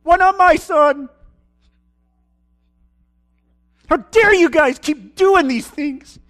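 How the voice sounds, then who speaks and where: Brief: man acting out an enraged, desperate father, yelling accusations in a high, strained voice. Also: a little slow, soft background music. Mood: furious, desperate. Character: desperate furious father of a sick boy.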